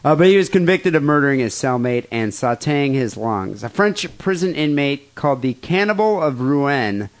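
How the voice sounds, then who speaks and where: A man's voice: mid-range voice, expressive, normal speed, hardly any pauses. A man co-hosting a podcast in casual chat, crude and joking as he reads listener mail. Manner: crude, joking, laughs often. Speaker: podcast co-host.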